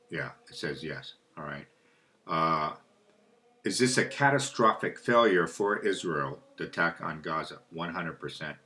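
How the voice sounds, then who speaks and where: A man with a very low, bright-edged voice rambles through a solo monologue. He loses his thread and picks it back up, putting questions aloud and answering them himself. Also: measured pace. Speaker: spiritual video host.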